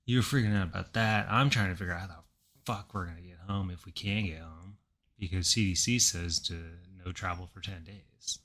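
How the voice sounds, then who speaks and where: A man's voice: deep voice, normal speed, a bit bright. A young adult man co-hosting a podcast, telling a story in a wry, rambling way. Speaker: podcast co-host. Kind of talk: casual chat.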